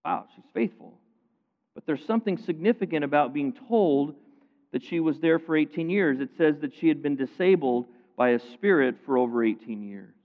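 A man preaches to his congregation in a voice pitched a little high, swinging between loud, pointed emphasis and hushed asides. The sound is thin and phone-like. A long reverb from a large sanctuary trails every phrase. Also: lively intonation, normal speed. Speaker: pastor. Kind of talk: sermon.

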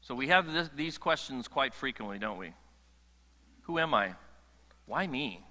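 Bright, forceful man preaching in a hall. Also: mid-range voice, unhurried. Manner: animated, joking asides, restarts mid-phrase. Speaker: pastor. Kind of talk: sermon. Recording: long hall reverb.

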